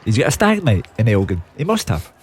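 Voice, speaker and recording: A man's voice: lowish voice, wildly swooping pitch, a little fast, breathy edge. A Scottish man giving football predictions as a radio pundit, with wry, dry remarks. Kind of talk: casual radio sports chat. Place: radio studio.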